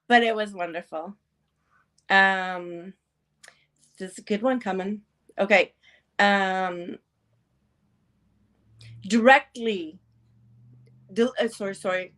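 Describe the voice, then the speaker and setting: A woman's voice: mid-range voice, very slow, long pauses, a bit bright. A woman hosting a casual talk show, playful and teasing, laughing often between her lines. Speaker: podcast host. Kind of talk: casual chat.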